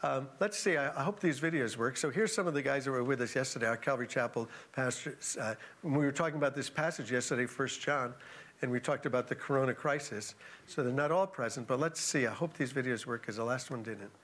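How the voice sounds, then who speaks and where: A man's voice: medium pitch, fast. A male pastor giving a conversational sermon, telling stories with chuckling asides. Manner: animated storytelling, chuckling asides.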